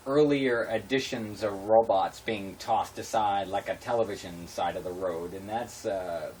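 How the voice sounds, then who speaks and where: A man hosting a casual web show, talking off the cuff with many fillers and restarts. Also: on the low side. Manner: rambling, full of fillers and restarts. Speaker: show host. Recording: distant mic with faint noise.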